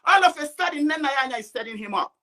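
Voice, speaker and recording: A woman's voice: high-pitched, expressive. A woman caller with a Nigerian English accent, talking angrily and firing off rhetorical questions. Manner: angry, rapid rhetorical questions, near shouting. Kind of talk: impassioned call-in talk.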